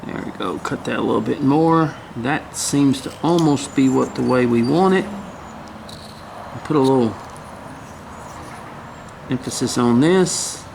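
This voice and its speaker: A man's voice: mid-range voice, measured pace, vocal fry, pauses often, a little mellow, slight background noise. A man giving a casual step-by-step woodcarving lesson, folksy and chatty, humming to himself as he works. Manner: folksy, hums and mutters while working. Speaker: woodcarving instructor.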